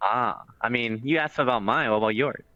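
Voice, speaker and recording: A man's voice: medium pitch, brisk, bright, forceful tone, no echo. A man hosting an interview show, chatting casually and joking with his guest. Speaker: host. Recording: dull lo-fi mic with faint music.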